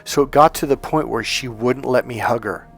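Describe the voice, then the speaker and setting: A man's voice: mid-range voice, moderate pace, creaky, breathy edge. Emphatic male dating coach. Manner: emphatic, persuasive, acts out quoted voices. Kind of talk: coaching monologue to camera.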